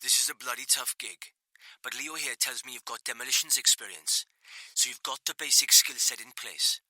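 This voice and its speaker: A male narrator voicing a Welsh naval engineer who calmly coaches someone through disarming a device over a radio line. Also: mid-range voice, no room sound, pitched above the performer's own voice, low-quality recording. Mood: coaching. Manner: steady, coaching, rushed under pressure. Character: Welsh male bomb-disposal engineer, calm guide.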